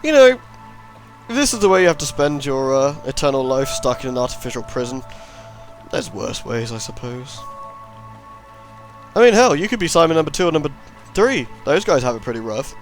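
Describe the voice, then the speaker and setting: Brief: male gamer, sarcastic and rambling, animated delivery. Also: a little high, brisk, faint music behind. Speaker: let's play host. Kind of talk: gameplay commentary.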